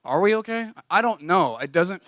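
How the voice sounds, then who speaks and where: A man's voice: high-pitched, lively intonation, normal speed, a bit bright, no room sound, studio quality, voice pushed up. A man quoting a flustered, defensive young roommate. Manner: stammering, exasperated.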